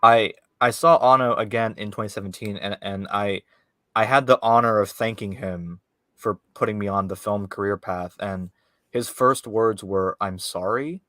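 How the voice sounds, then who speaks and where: A man's voice: lowish voice, steady tone, moderate pace, fairly bright tone, no room sound. A man, a filmmaker guest, chatting casually in an interview with lots of fillers, restarts and laughs. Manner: rambling, many fillers and restarts, laughs often.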